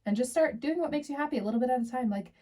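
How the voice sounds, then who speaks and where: A woman co-hosting a podcast, giving encouraging advice in a relaxed, chatty way. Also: high-pitched, very fast, far from the mic. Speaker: podcast co-host. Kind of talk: casual podcast chat.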